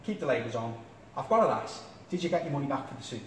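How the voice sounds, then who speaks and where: A man's voice: medium pitch, expressive, fast talker. A man hosting an interview, asking long-winded, jokey questions. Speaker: interviewer, host. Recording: echoey room, distant mic, faint noise.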